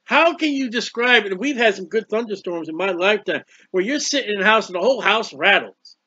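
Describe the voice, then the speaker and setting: A man preaching a bible sermon, emphatic and repetitive, building to loud exclamations. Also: high-pitched, lively intonation, fairly quick, no room sound. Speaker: street preacher. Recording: dull muffled lo-fi audio.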